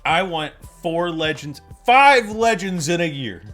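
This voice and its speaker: Bright-voiced man joking on a podcast. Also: on the high side, animated, measured pace, soft background music. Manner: joking, blunt, casual swearing. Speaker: podcast co-host. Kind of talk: casual chat.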